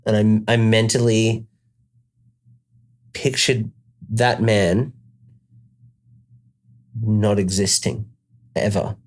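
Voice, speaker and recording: A man's voice: lowish voice, level tone, drawn-out words, pauses often. A man with an Australian accent telling a rambling comic story in a casual chat, full of restarts.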